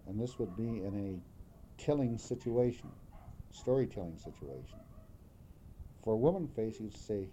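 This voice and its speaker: Man, slow and measured, very dark mellow tone, faint rumble behind; careful explainer. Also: expressive. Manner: measured, careful, repeats example words.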